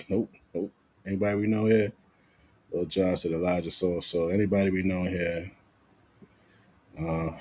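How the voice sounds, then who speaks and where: A man ranting casually about football, profane and animated, often repeating himself. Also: low-pitched, breathy edge. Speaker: sports commentator vlogger.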